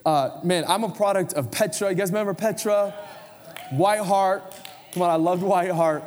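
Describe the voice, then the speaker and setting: Man, 40s, pastor, lively conversational preaching, slightly high voice, church hall reverb. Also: moderate pace. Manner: conversational, energetic preaching with audience prompts. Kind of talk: sermon. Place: church sanctuary.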